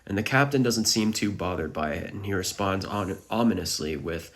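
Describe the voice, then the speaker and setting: A man's voice: sits low, normal speed, hardly any pauses, fairly bright tone. A man narrating a dramatic recap of a manga chapter.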